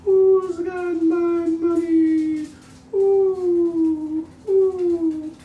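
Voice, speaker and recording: A shrill, slow, moaning ghost woman, put on by a male storyteller, wailing from far off. Her cry climbs very high and stretches every word. The room echoes around a distant mic with a faint hiss. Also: little pitch movement, narrow, tinny audio, exaggerated voice. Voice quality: high, drawn-out moaning wail.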